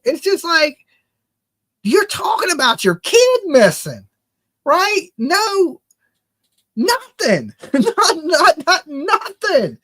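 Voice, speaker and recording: A man's voice: very high voice, huge pitch swings, slow, a bit bright. Middle-aged male livestream host, blunt and opinionated, casual chat. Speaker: true crime livestream host.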